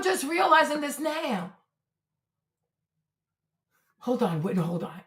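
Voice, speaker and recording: A woman's voice: high-pitched, sing-song, a little slow, long pauses. A woman hosting a casual livestream, talking loosely and animatedly, swearing freely and breaking into surprised exclamations. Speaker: livestream host. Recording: roomy echo.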